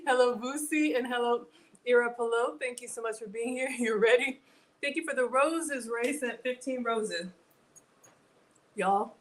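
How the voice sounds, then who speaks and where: A woman's voice: fairly high pitch, unhurried, low-quality recording. Chatty woman hosting a cooking livestream. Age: middle-aged. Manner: chatty, greets viewers, laughs often. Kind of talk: casual live cooking chat.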